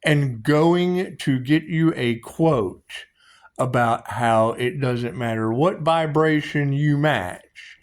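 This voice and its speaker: A man's voice: mid-range voice, takes it slowly, clear, resonant tone. A man answering viewer questions in a loose, profane, rambling live-stream monologue, laughing and repeating himself.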